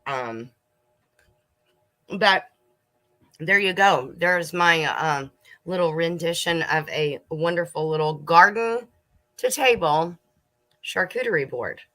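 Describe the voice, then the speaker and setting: A middle-aged woman hosting a casual homestead livestream, chatting warmly with viewers, laughing and snacking as she talks. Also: on the low side, slow, long pauses. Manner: chatty, laughs and munches while talking to viewers.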